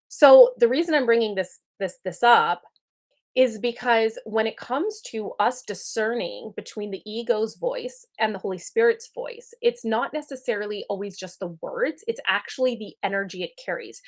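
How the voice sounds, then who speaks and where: A woman's voice: on the high side, normal speed. A woman in her thirties giving an earnest, conversational spiritual teaching talk. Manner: earnest, conversational, checks in with "right?".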